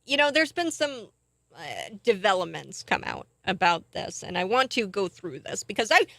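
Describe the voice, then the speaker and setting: A woman's voice: medium pitch, very animated, normal speed, vocal fry, no echo. A woman hosting a morning talk show, giving chatty, indignant political commentary. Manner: chatty and indignant, thinks out loud.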